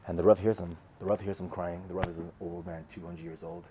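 A man's voice: low-pitched, flat delivery, fast talker, noisy background. A man giving a casual storytelling sermon, recounting a parable in a conversational way and repeating his phrases. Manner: conversational, repeats phrases, acts out quoted voices. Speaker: speaker telling a Torah parable.

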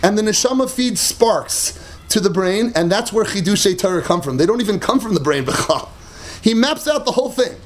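A man gives a Talmud lecture to a class in a very high voice. His pitch leaps up and down as he makes his points with animated emphasis. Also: brisk. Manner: animated and emphatic, mixing Hebrew and Aramaic terms, laughing at his own points. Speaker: Torah teacher.

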